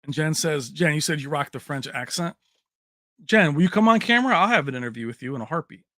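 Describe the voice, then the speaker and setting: Bright-voiced man chatting on a livestream. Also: on the high side, lively intonation, fast talker, dry recording, studio quality. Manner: chatty, reads names and places aloud, jokey. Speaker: livestream host. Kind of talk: casual livestream chat reading viewer comments.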